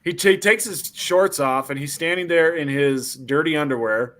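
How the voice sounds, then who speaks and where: Bright-voiced man telling a wild story. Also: normal speed. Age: young adult. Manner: acts out quotes with big jumps in pitch. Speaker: podcast host. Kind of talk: animated storytelling.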